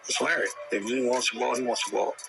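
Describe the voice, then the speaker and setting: A basketball coach recounting a game in a matter-of-fact way during an interview. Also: male voice, mid-range voice, fairly even intonation, fast talker, vocal fry. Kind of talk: documentary interview storytelling. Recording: music underneath.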